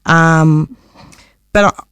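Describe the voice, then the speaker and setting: A woman's voice: sits low, fairly even intonation, drawn-out words, fairly bright tone, clean tone, no echo. Australian woman, community radio guest; earnest, stumbling, repeats words; dry studio. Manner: hesitant, repeats words, passionate. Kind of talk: radio interview.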